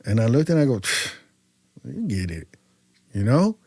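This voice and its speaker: A man from the Central Valley of California tells his story on a podcast, loose and animated, leaning on fillers as he goes. His voice sits at a middling pitch. It is caught close and dry, with no room sound around it. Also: brisk, creaky, breathy edge, dry recording. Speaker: podcast guest. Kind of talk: casual storytelling interview.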